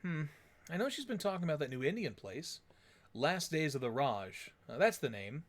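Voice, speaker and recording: A man's voice: fairly high pitch, sing-song, moderate pace. A man voicing a chatty, caring young woman who is a playful best friend. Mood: teasing. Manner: chirpy, teasing, caring.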